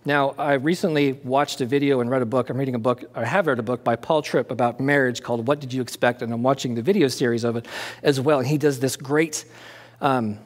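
A man's voice: mid-range voice, fairly even intonation, fairly quick, in a large hall. A man preaching a conversational sermon as pastor, with demonstrations.

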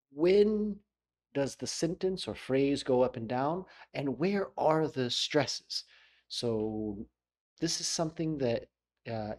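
Slow, demonstrative American man teaching. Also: medium pitch, a little mellow. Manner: demonstrative, repeats sounds to model pronunciation. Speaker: English pronunciation teacher. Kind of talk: casual video lesson.

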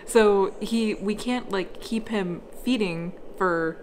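A woman's voice: medium pitch, takes it slowly. A tired woman chatting at home for a vlog, giggly and easygoing, with a mid-range voice. A faint room noise sits behind her. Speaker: vlog co-host. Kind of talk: casual home vlog chat. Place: home indoors.

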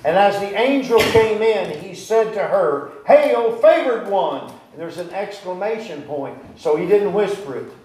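A man's voice: high-pitched, moderate pace, hardly any pauses, distant mic, crowd noise. A male pastor delivering a sermon to his congregation, asking them questions and retelling scripture in plain, folksy words. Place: church sanctuary. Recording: echoey church recording from afar.

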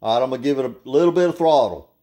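A man's voice: mid-range voice, expressive, racing, dark tone. Folksy older man explaining step by step. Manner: folksy, plain-spoken, steps through each move. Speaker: hobbyist demonstrating a model plane. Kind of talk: casual how-to demonstration.

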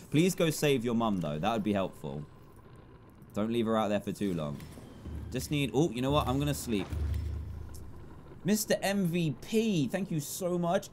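A young man hosts a game stream in a medium-pitched voice. He rattles off viewer names and thanks them with quick chatty asides. A faint hum sits under his desk mic. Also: a little mellow. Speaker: gaming YouTuber reading donations. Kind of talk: livestream gameplay commentary.

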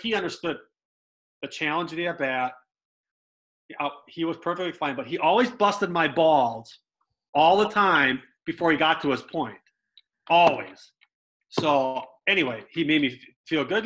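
Animated man telling baseball stories. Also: fairly high pitch, normal speed, low-quality recording. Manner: animated storyteller who acts out quotes with swearing. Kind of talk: casual storytelling interview.

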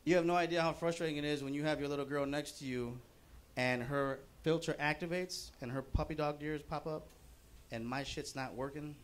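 A man's voice: medium pitch, slight background noise. Male stand-up comic with a chatty, filler-heavy delivery, on a stage mic. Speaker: stand-up comedian. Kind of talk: stand-up comedy set. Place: comedy showcase at a bowling alley.

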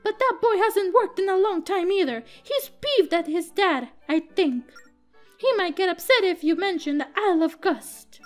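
A woman's voice: expressive, normal speed, soft background music. A woman reading aloud as a worried village mother from a game. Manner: high, earnest reading voice. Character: weary middle-aged village mother, worried.

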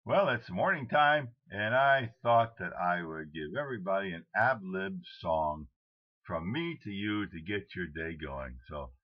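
A man's voice: low-pitched, expressive, unhurried. A man talking and crooning made-up little songs in a casual home video, taking his time over every phrase. The sound is dull and lo-fi, like a cheap home camera. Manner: improvised sing-song crooning between plain chat. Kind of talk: casual self-recorded video messages with ad-lib songs.

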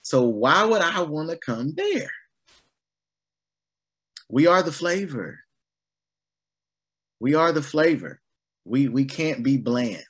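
A man preaching a sermon in a relaxed, conversational way, mixing everyday stories with gentle humor. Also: fairly high pitch, slow, pauses often, slightly rough. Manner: animated and conversational, acting out lively quoted voices.

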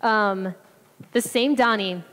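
A woman telling an animated personal testimony about a church mission trip, acting out her own reactions. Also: mid-range voice, slow pace. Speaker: church member giving a mission trip report. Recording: reverberant hall.

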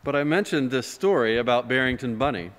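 A man, a pastor, telling a story during a sermon in a gentle, animated way, recorded in a church. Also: mid-range voice, a little fast. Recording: long church reverb.

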